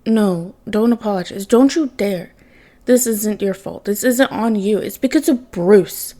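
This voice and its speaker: A woman's voice: mid-range voice, unhurried, mellow, natural voice. A woman voicing a grieving young man who pleads through tears and turns vengeful, read in an audiobook-style fan reading. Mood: furious. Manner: tearful, pleading, then raging.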